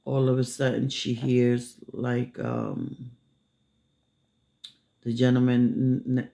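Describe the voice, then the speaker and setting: A man telling a story casually, unhurried, with many filler pauses. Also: mid-range voice, gravelly, darkish tone.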